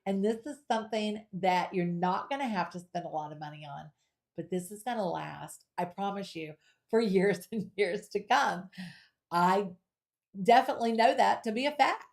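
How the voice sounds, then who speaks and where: Woman, middle-aged, live shopping host, chatty, playful, animated sales pitch. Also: normal speed, creaky. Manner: chatty, playful and animated, reading viewer comments aloud.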